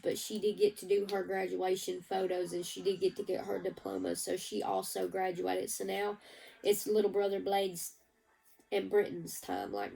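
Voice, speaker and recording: Gravelly woman, emotional update. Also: mid-range voice, dark tone, far from the mic, rough recording. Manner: emotional, rambling, teary at times. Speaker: vlogger. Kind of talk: casual personal update.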